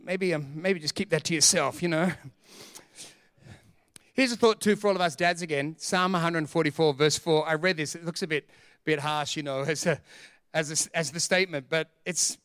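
A middle-aged man, preaching a sermon as pastor in an energetic, joking, emphatic way. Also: fairly high pitch, clean tone, no echo, studio quality.

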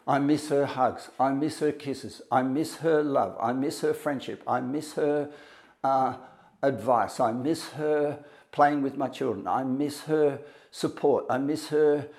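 A man's voice: medium pitch, steady tone, a little slow, a little mellow, natural voice. A man voicing a grieving woman who lists, one by one, what she misses about her late mother. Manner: repetitive listing. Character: grieving middle-aged woman, angry then listing losses.

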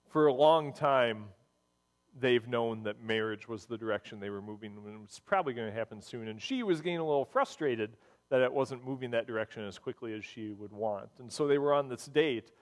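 A man preaching a sermon, telling stories in an earnest, animated way. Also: mid-range voice, in a large hall. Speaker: pastor.

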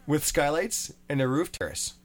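A man's voice: on the high side, animated, normal speed. A man hosting a casual studio talk show, reading out news items and laughing along with his co-hosts. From Canada. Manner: reads news items aloud, chatty and laughing. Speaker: radio show host.

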